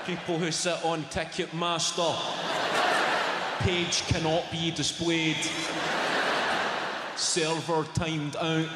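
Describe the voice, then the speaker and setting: Brief: young Scottish male comic, a little high-pitched, in a reverberant hall with a loud crowd. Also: background noise. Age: young adult. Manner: crowd banter, sweary and teasing. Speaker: stand-up comedian. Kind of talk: live stand-up routine. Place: large theatre stage, indoors.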